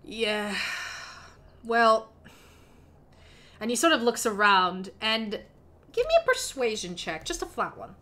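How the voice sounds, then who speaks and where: A woman's voice: on the high side, sing-song, slow, pauses often, bright, forceful tone, slight background noise. A woman narrating as game master of a tabletop fantasy game, chatty and given to laughing asides.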